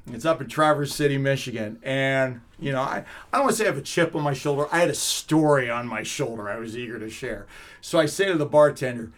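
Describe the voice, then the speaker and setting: A middle-aged man, a comedic magician, telling animated stories in an interview and laughing often. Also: mid-range voice. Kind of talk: casual storytelling in an interview.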